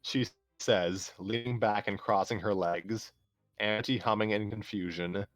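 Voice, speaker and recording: A man calmly narrating a fan story aloud on a livestream, steady with small restarts. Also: fairly low pitch, a little slow, no room sound, faint music behind. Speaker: storyteller host.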